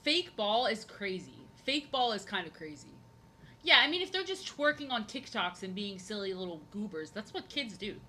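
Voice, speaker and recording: A woman's voice: mid-range voice, very animated, moderate pace, bright, forceful tone, a little hiss or hum. A woman streaming as she draws, chatting casually in a rambling, jokey way and repeating her phrases. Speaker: live-streaming artist. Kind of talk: casual chat while drawing on stream.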